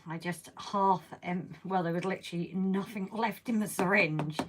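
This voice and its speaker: A woman's voice: on the low side, normal speed, a little hiss or hum. A woman hosting a casual live stream as she works on a model railway, chatting and reading viewer comments aloud. She is losing her voice. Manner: chatty, talks while working, reads out viewer comments. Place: indoors at a model railway layout.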